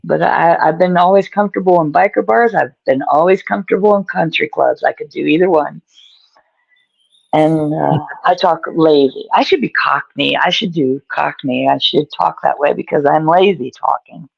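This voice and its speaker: Gravelly man rambling on a lo-fi call. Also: a little high, normal speed, no echo. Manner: rambling, self-deprecating, trailing off. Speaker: guest author. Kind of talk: casual video call chat. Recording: dull lo-fi call audio.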